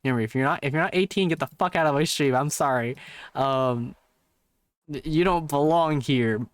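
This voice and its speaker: A man's voice: on the high side, normal speed, no echo. A man chatting casually on a live stream, rambling through a story with lots of swearing and restarts.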